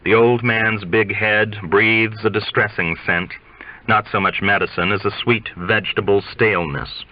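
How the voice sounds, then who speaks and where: A man narrating a literary novel aloud in a measured, deliberate way. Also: on the low side, steady tone. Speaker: audiobook reader. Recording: dry, dull lo-fi sound.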